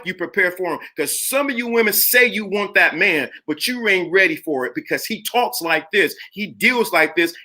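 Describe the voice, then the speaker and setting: Streaming live, a middle-aged man gives his audience a motivational speech, sermonizing and repeating phrases to hammer home each point. His high, bright voice is well above the usual male range, with lively intonation, normal speed, and hardly any pauses.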